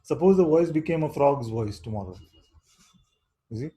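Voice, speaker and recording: A man giving a satsang talk as a spiritual teacher, speaking in an unhurried, questioning way and often asking "you see?". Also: mid-range voice, lively intonation, dark tone, slightly rough, poor audio.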